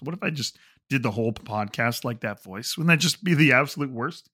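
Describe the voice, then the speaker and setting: A man's voice: mid-range voice, expressive, fairly quick, pushed and bright, breathy edge. A man hosting a sports podcast on his own, rambling casually with lots of filler words. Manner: rambling, heavy on fillers like "like" and "you know".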